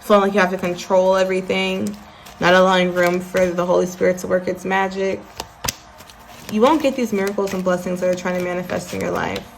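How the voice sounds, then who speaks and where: A woman with a lowish voice and a gravelly edge gives a casual tarot reading. She talks chattily to her viewers and slips between reading from the guidebook and offering her own asides. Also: little pitch movement, fairly quick, slight background noise. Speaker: tarot card reader.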